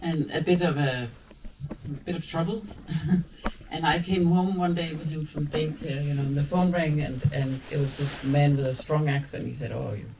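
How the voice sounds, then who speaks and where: A woman's voice: low voice, steady tone, moderate pace, distant mic, background noise. A woman from Denmark, a film director talking at a screening in a cinema hall, rambling and self-mocking, often laughing. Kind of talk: guest talk after a screening.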